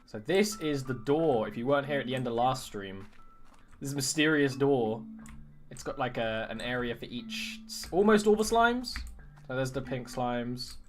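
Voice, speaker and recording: Game streamer, mid pitch, lively swooping delivery, casual commentary, quiet game music behind. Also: normal speed. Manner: chatty, animated, jokes about doing accents. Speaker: streamer playing a video game.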